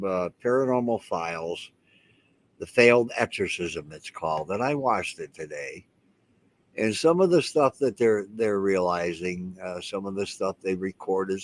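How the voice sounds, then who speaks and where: A man with a fairly low voice talks straight to the camera in a loose, rambling way. He leans hard on his points and keeps doubling back to restart his sentences. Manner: rambling and emphatic, with many restarts. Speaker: house owner and vlogger. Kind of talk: casual talk to camera.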